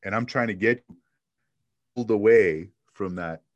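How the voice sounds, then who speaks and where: Deep-voiced man telling sales stories. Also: measured pace, dry recording, highs cut off. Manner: energetic storyteller, acts out dialogue. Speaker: sales trainer and guest. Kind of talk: casual interview talk.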